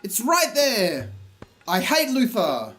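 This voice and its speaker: A man giving sarcastic, comedic commentary on a game, with exasperated and deadpan asides. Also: high-pitched, slow pace, over loud music.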